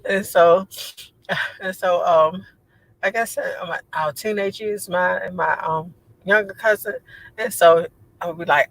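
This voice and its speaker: A woman with a low voice, chatting casually on a livestream, rambling and laughing often as she answers viewer comments. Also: a little slow, creaky, dry recording, rough recording. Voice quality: low voice she says sounds like a man's. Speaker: livestream host.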